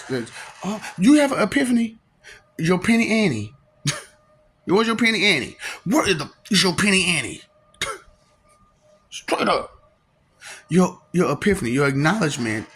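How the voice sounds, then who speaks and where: A man riffs in a slangy comic monologue, throwing out teasing questions and laughing between almost every line. His voice is gravelly and a little husky, and it swings widely up and down in pitch as he jokes. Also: fairly bright tone. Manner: slangy, repeats phrases. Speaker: vlogger.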